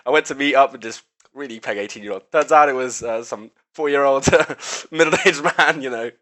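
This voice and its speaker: Fast-talking young man, swearing. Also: mid-range voice. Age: young adult. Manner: swears a lot, laughs often, lively storytelling. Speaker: podcast co-host. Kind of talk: casual chat.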